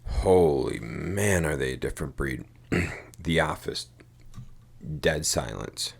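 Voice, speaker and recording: Very deep, gravelly-voiced man chatting. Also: animated, takes it slowly. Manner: rambling storyteller, swears casually, says "dude" and "like" a lot. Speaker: podcast co-host. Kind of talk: casual chat.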